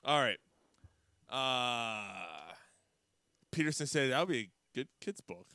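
Man, podcast co-host, crude jokey storyteller, animated pitch, dry close mic. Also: takes it slowly, vocal fry, clean tone, dry recording. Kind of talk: casual podcast chat.

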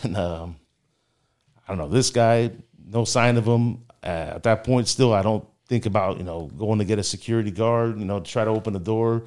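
A man's voice: on the low side, moderate pace, darkish tone. A man casually telling a story as a guest, rambling and full of filler words.

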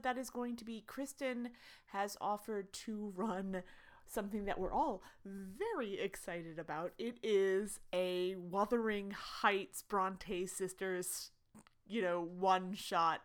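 A woman who is game master of a tabletop role-play podcast chats casually through announcements, using many fillers and restarts as she eagerly pleads with listeners for support. Her voice is mid-range.

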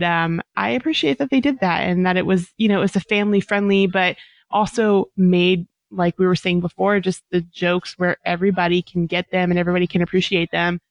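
A woman's voice: on the low side, no echo, highs cut off. A woman co-hosting a casual movie review podcast, upbeat and chatty. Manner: upbeat, chatty, quick to laugh. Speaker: podcast co-host.

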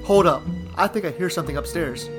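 A man's voice: on the high side, music in the background, natural voice. A man voicing a bold, impatient young man leading friends through a spooky house. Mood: brash. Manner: brash, hurried.

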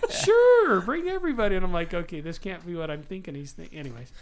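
Laughing, animated family dad telling stories. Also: male voice, a little high, racing, slight background noise. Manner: animated storyteller, laughs often, does voices for quoted people. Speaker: father, podcast host. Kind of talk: casual family chat.

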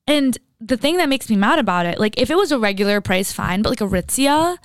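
A woman's voice: fairly high pitch, fast talker, hardly any pauses, clear, resonant tone, dry recording. A young woman co-hosting a podcast, ranting in casual chat, swearing and filling her talk with "like". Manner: ranting, animated, swears, says "like" a lot. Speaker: podcast co-host.

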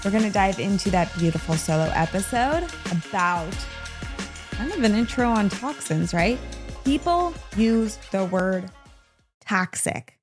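A chatty woman with a Midwestern American accent hosts her solo podcast, joking and speaking straight to her listeners. Her voice sits at an everyday middle pitch, with faint music playing behind her. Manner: chatty and playful, addresses listeners directly. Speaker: podcast host. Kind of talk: casual solo podcast talk.

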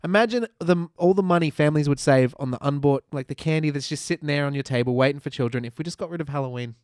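An Australian man making a mock-formal, deadpan case in a comedy podcast debate. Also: a little high, fast talker, no echo, clean studio sound.

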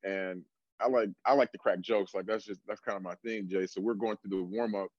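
A young adult man, a strength coach, telling stories in a relaxed casual way, full of fillers. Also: lowish voice, brisk, dry recording, muffled recording. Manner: relaxed storytelling, many fillers like "like". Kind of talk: casual podcast conversation.

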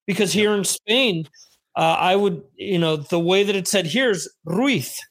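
A chatty American man hosts a relaxed podcast conversation, his speaking voice sitting noticeably high for a man. He rambles through anecdotes, stopping to correct himself and add asides as he goes. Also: a little slow. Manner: chatty storyteller with many asides. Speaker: podcast host. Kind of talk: casual podcast chat.

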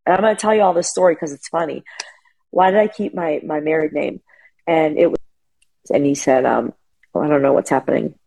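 A middle-aged woman sharing emotional personal stories as an interview guest over a remote call, animated and full of fillers. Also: low voice, a little fast, vocal fry, rough recording. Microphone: remote call connection.

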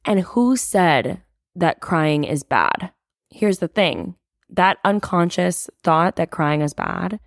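A woman's voice: low-pitched, creaky, no room sound, clean studio sound. A young woman hosting a candid solo podcast, talking openly about her feelings with lots of casual fillers and the odd swear. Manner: open, confiding, frequent "like" fillers, casual swearing. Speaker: podcast host.

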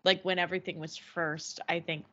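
A woman's voice: lowish voice, flat delivery, normal speed, a bit bright. A young woman co-hosting a podcast in casual chat, hesitant and searching for her words as she recalls things. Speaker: podcast co-host. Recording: slightly dull lo-fi podcast audio.

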